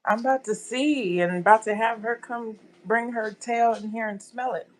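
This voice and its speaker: A woman's voice: fairly high pitch, steady tone, normal speed. Chatty woman hosting a live stream. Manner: loose and chatty, addresses viewers as y'all. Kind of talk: casual live stream chat.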